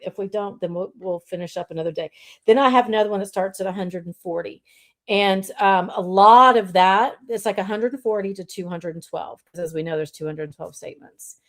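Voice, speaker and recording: A woman hosting a casual live stream, chatting with viewers and calling them y'all. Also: mid-range voice. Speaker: livestream host.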